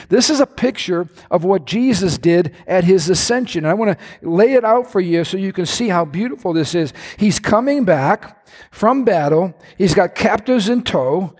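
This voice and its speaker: A man preaching a sermon to his congregation, telling lively stories with playful asides. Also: high voice, in a large hall. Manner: animated storytelling with playful asides. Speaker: pastor. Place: church sanctuary.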